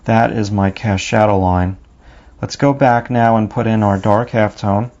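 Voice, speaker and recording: Male drawing instructor, gravelly, thinks aloud while sketching, muffled lo-fi sound. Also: fairly low pitch, steady tone, darkish tone. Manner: unhurried, talks himself through each stroke while drawing. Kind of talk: step-by-step drawing lesson. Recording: dull lo-fi recording.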